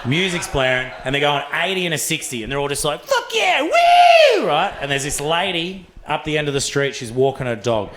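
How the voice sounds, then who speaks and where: On a comedy club stage, a young Australian man delivers a stand-up set full of profane, animated stories and acted-out voices. His high-ish voice moves briskly with few pauses, and the echoey room carries faint ambience and slight background noise.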